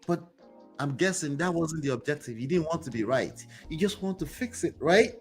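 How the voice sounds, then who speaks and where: A man hosts a motivational commentary show and preaches to his viewers with lots of energy. His voice sits high for a man. Faint music plays under his talk. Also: moderate pace. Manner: preachy, animated, talks to the audience directly. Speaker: host.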